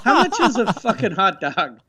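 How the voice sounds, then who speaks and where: A man's voice: sits high, wildly swooping pitch, moderate pace, creaky, bright, forceful tone, breathy edge. A man co-hosting a comedy podcast, telling profane, laid-back stories in casual chat. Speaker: podcast co-host.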